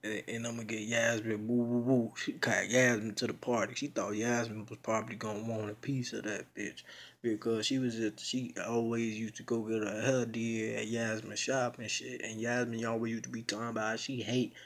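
A young man rambles through a story in loose slang, swearing as he goes. His voice is husky and breathy. The pitch sits in a middle range for a man. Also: level tone, normal speed. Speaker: video blogger. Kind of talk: casual story retelling.

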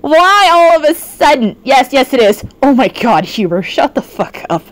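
A woman streamer chatting live over a game, excitable and shrieking, her voice often cracking. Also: high-pitched, moderate pace, dry recording. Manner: excitable, shrieking, swearing at chat. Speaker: virtual streamer. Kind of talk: live gaming stream chat.

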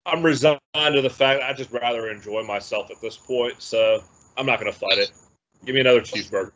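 A man hosting a podcast in casual chat, relaxed with wry humor. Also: medium pitch, a little fast. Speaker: podcast host. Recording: dull lo-fi sound.

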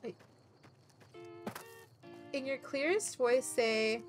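A woman streaming a video game, chatting excitably, laughing often and swearing casually. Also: on the high side, slow, long pauses, soft background music. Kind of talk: casual gameplay commentary.

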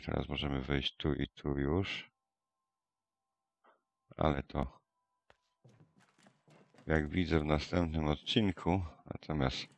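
A man's voice: very deep voice, vocal fry. A man, casually commenting on a game and thinking aloud as he reads out codes. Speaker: gameplay commentator.

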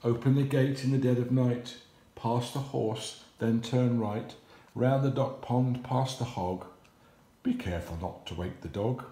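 A man's voice: a little slow, mellow, roomy sound, natural voice. A man whispering as sneaky cattle thieves. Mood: scheming. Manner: low whisper. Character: two sneaky male cattle thieves, scheming.

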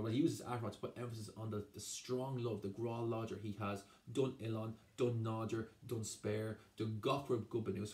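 Man explaining a poem, repeating himself. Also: mid-range voice. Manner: explains by translating each phrase, repeating himself. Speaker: Irish language tutor. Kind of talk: exam revision lesson.

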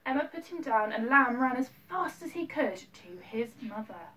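A woman teacher filming herself at home, reading a picture book aloud to her class in a gentle, expressive way with little asides to the children. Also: a little high, moderate pace. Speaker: primary school teacher. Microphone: self-filmed camera. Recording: distant mic, faint background noise.

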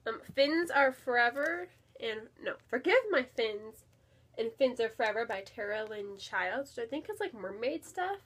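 A woman with a slightly high voice chats at home in a loose, eager way. She fills her talk with ums and likes and repeats words for emphasis. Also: animated, moderate pace, fairly bright tone, breathy edge. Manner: chatty and enthusiastic, with many fillers and repeated "really". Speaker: book vlogger. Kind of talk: casual chat. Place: home, near her bookshelf.

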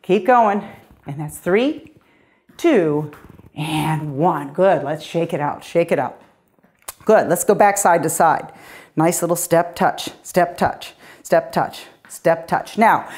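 Middle-aged lady leading cardio class, upbeat and encouraging, bit breathless. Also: on the low side. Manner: upbeat, encouraging, coaching cues. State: slightly out of breath. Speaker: fitness coach. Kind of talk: guided workout instruction.

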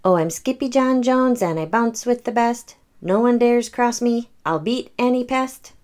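A woman's voice: fairly high pitch, a little slow, a little mellow, voice pushed up, lightly acted. Woman doing a boastful bouncy kitten boy. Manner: boastful, sing-song bouncing rhymes. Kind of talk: storybook read-aloud.

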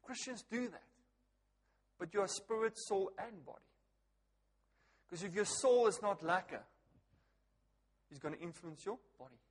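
A man preaching a sermon to a congregation, animated and joking, often laughing and asking the people questions. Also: high-pitched, a little slow, long pauses. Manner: animated, joking, laughs at his own stories; talks directly to the congregation with frequent questions. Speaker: pastor. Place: church hall. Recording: long reverb of a church hall.

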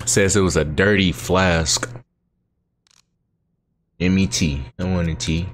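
This man hosts a gaming channel, and his low voice moves slowly as he comments on his gameplay. He's casual and slangy, tossing remarks back at the game.

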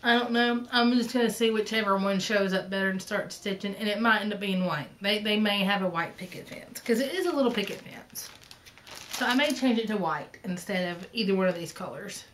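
Southern lady in her 30s chatting about her stitching, rambly and full of ums, mid pitch, bit of faint hiss behind. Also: brisk, low-quality recording. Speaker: flosstube host. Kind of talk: casual chat vlog.

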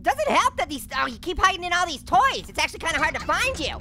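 Squeaky talking orange, piercing high pitch, lively swoops, punning, jumpy, gaming host. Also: male voice, fast talker, full character voice. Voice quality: squeaky, sped-up cartoon voice. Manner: punning, jumpy, giggly, yelps at scares. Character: hyper, wisecracking male talking orange. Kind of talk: comedic let's-play commentary.

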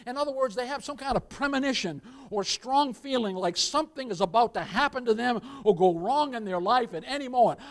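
At a church service, a male pastor delivers an animated sermon in an extremely high pitch, a little fast and with few pauses. He speaks emphatically, hurls rhetorical questions, asks for amens, and calls his listeners beloved.

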